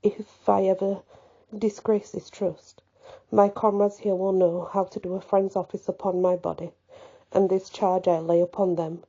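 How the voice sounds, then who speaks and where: A woman reading aloud, voicing a large boastful man who now speaks slowly, his voice unsteady with emotion. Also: lowish voice, warm tone, highs cut off. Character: big boastful man made humble, deeply moved.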